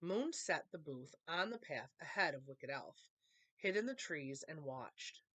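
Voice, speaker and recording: A woman reading a children's picture book aloud with expressive, animated storytelling. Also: low-pitched, a little slow, husky. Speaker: storytime reader.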